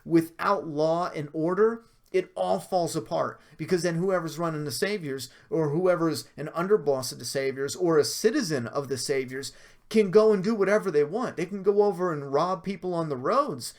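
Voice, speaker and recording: A man's voice: a little high, normal speed, a little mellow. A man hosting a casual livestream review, talking loosely with many fillers and restarts while reading out viewer comments. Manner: rambling, frequent fillers and self-corrections, laughs between points. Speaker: livestream host reviewing a TV episode.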